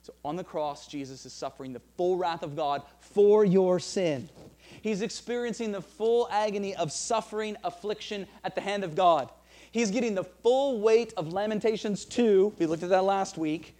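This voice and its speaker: A man's voice: high-pitched, normal speed, dark tone. A man preaching a sermon as pastor, earnest, often restarting phrases and reading scripture aloud.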